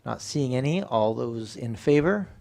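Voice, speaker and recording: A man chairing a council meeting as mayor, speaking in a measured, procedural and slightly hesitant way in a council chamber. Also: medium pitch, expressive, gravelly, darkish tone.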